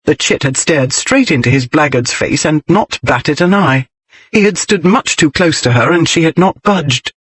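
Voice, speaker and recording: A man reading an audiobook narration in an expressive, measured storytelling manner. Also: fairly high pitch, husky, dry recording, low-quality recording. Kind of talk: scripted narration.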